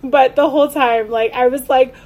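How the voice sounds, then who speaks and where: A woman's voice: sits high, steady tone, normal speed, darkish tone. A young adult woman co-hosting a podcast, gushing and laughing often, full of "like" fillers. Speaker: podcast co-host. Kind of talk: casual chat.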